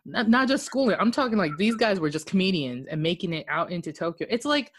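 Candid, animated woman from Okinawa. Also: mid-range voice, fast talker. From Okinawa, Japan. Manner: animated, candid, swears casually. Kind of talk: casual chat.

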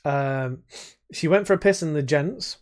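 A man's voice: a little high, a little slow, a little mellow. A man co-hosting a podcast, telling blunt, sweary anecdotes in casual chat. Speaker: podcast co-host.

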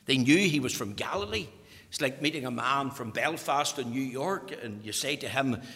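A man preaching a fervent sermon, swinging between loud declarations and hushed whispers. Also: mid-range voice, expressive, normal speed, husky, in a large hall.

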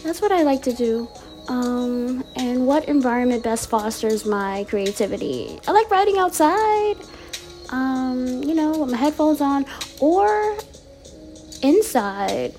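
A bubbly woman with a slightly high, mellow voice reads affirmation cards in a casual vlog. She is playful and laughs easily, and she reads each card slowly before repeating it. Faint music plays behind her. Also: lively intonation. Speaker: wellness vlogger reading affirmation cards.

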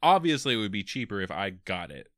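A man's voice: on the low side, sing-song, quick pace, a bit bright. A man co-hosting a casual podcast, explaining things matter-of-factly and leading the segments. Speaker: podcast co-host.

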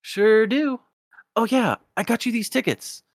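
A man's voice: very high-pitched, unhurried, no echo, clean studio sound, voice pushed up. A man voicing an eager, earnest teenage boy hero. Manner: earnest, excitable.

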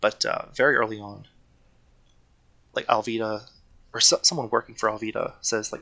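A man's voice: fairly low pitch, steady tone, normal speed, gravelly, long pauses, bright, forceful tone. A man co-hosting a casual podcast, talking eagerly and rambling, often correcting himself. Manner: enthusiastic, rambling, self-correcting. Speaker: podcast co-host.

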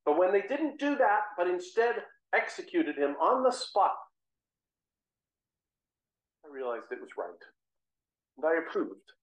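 A fervent, earnest apostle Saul, played by a man in a first-person dramatic monologue. He tells the story in measured phrases broken by dramatic pauses. His voice sits slightly high and rings in a roomy, echoing space. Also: big pitch swings. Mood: zealous. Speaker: guest speaker. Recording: roomy echo.

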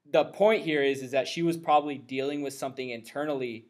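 A man hosting a casual podcast conversation, talking in a loose, rambling, animated way. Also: mid-range voice, fast. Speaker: podcast host.

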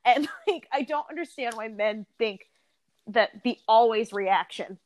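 Young woman, podcast co-host, chatty, filler-heavy, higher voice. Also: a little slow, a little hiss or hum. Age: young adult. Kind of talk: casual chat.

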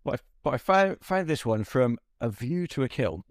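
Man, podcast co-host, giggly, self-mocking, animated pitch. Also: moderate pace, dry recording, studio quality. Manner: jokey, giggly, self-deprecating. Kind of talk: casual chat.

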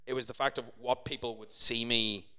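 A man co-hosting a casual podcast chat, animated and reflective, swearing casually as he makes his points. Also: mid-range voice, a little fast, smooth. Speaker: podcast co-host, former firefighter.

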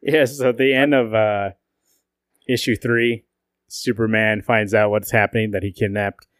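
A man's voice: fairly low pitch, unhurried, dry recording, clean studio sound. A man co-hosting a casual podcast, swearing and laughing as he reads out lines. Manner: profane, laughing, animated when reading quotes. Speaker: podcast co-host.

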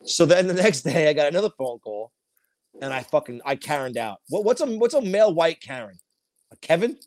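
A man's voice: on the high side, sing-song, brisk, darkish tone, no echo. A man, co-hosting a podcast and telling rambling, profane stories in casual chat. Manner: rambling storytelling with heavy swearing. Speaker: podcast co-host.

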